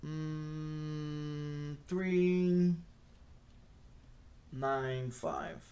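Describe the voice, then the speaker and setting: A man's voice: on the high side, flat delivery, drawn-out words, mellow, far from the mic, lo-fi sound. A man streaming a game and ranting as he plays, swearing often and stammering over repeated words. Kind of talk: casual gameplay commentary.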